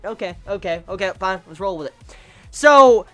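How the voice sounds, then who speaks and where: Excitable woman ranting about an anime episode, voice jumps all over, swears a lot, faint music under it. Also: mid-range voice, normal speed. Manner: excitable and profane, ranting with repeated exclamations. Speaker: anime reviewer. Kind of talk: casual video review.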